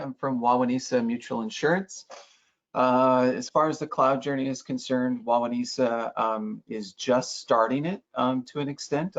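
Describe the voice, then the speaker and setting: A man's voice: medium pitch, lo-fi sound. A man introducing himself on an online panel, explaining steadily with some fillers.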